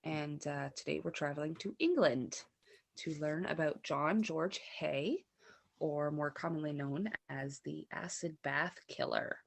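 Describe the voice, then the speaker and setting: A woman co-hosting a comedy podcast, her voice low and gravelly with vocal fry. She tells a story casually, in a loose conversational way, laughing often between lines. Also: unhurried. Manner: laughs often, narrates true crime casually. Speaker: podcast co-host.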